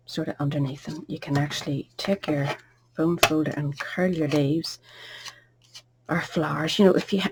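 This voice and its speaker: A woman giving a casual, chatty card-making tutorial, with soft asides under her breath. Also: deep voice, a little hiss or hum.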